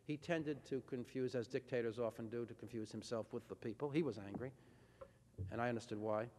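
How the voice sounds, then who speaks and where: A man's voice: mid-range voice, fairly quick, a little mellow, slight background noise. A man giving a university lecture, telling events as a dramatic storyteller who acts out quoted dialogue. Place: lecture hall. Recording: reverberant lecture hall, old tape.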